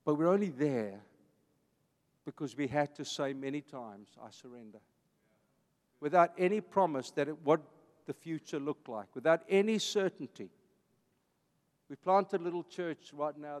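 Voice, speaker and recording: Addressing a church audience, a man in his fifties from South Africa preaches with an Afrikaans accent, emphatic and repetitive in his phrasing. He sounds a little high, expressive and darkish, speaking at a measured pace in a big room.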